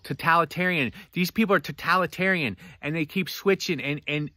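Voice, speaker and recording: A man reviewing a book in a passionate, preachy vlog rant that swings between loud outbursts and low, intense talk. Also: dry recording.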